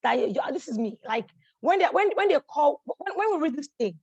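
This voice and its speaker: A woman hosting a motivational masterclass, energetic and encouraging, who keeps checking in with her audience and repeats phrases for emphasis. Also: sits high, a little fast, dry recording, lo-fi sound. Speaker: life coach hosting a masterclass. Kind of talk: motivational teaching talk.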